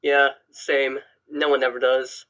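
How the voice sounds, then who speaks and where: A man hosting a casual chat on a call, playful and stumbling over his words with quick restarts. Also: medium pitch, little pitch movement, bright, forceful tone, rough recording. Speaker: host.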